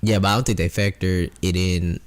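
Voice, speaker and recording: Low-voiced matter-of-fact young man. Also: steady tone, fairly quick. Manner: matter-of-fact, corrects details firmly. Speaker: podcast co-host. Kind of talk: casual chat.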